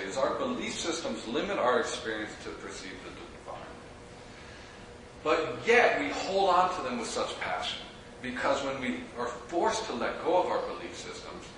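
Man, casual talk to a group, slightly high voice, echoey room, distant mic. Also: fairly bright tone. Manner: chatty, laughs often, asks the audience questions. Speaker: spiritual teacher giving a talk. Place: room with a small audience. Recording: roomy and echoey, from far off, noisy.

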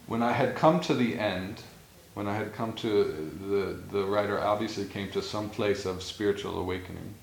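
A man's voice: on the low side, normal speed, vocal fry, a little hiss or hum. A man giving an informal spiritual talk as a teacher, reflective and storytelling, laughing now and then. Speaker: meditation or yoga teacher. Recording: echoey room with faint ambience.

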